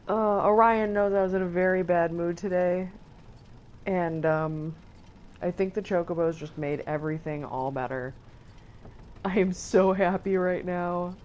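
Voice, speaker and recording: Slow-talking woman streaming a game. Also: lowish voice, steady tone, a little mellow, highs cut off, slight background noise. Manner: chatty, giggly, talks back to the game. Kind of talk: casual let's-play commentary.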